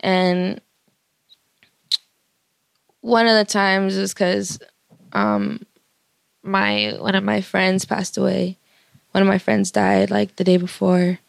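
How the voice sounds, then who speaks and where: A woman's voice: mid-range voice, takes it slowly, gravelly, long pauses, dry recording, studio quality. A young woman musician in an interview, talking openly with many fillers and restarts and laughing often. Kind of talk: candid interview talk.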